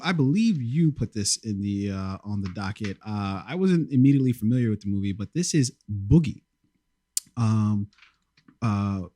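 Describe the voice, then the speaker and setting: A man's voice: on the low side, dark tone, dry recording. A man hosting a podcast in casual chat, hesitant and full of filler words, stumbling over names. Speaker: podcast host.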